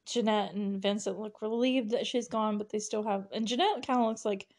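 A woman's voice: medium pitch, moderate pace, a little mellow. Giggly, chatty woman recapping a show. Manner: chatty, giggly, full of "like" and "you know". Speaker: podcast host. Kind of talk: casual podcast recap.

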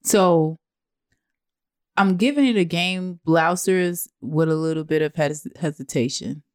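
A woman co-hosting a podcast in casual chat, telling stories with animated, profane jumps in pitch. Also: a little slow. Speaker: podcast co-host.

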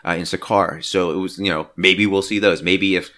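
A man co-hosting a casual movie review podcast, talking in an animated, theorizing way with many fillers. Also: low voice, moderate pace. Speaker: podcast co-host.

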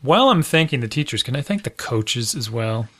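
A man in his thirties co-hosting a podcast, chatting casually. He rambles, restarts often and pokes fun at himself, at a middle pitch. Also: big pitch swings, a little fast, fairly bright tone. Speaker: podcast co-host. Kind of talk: casual chat.

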